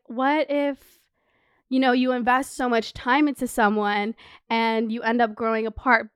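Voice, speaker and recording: A young woman in her twenties hosting a podcast, talking in a candid, animated way, full of "like" and open swearing. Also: high-pitched, clear, resonant tone, no room sound, studio quality. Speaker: podcast host. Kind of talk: casual advice chat.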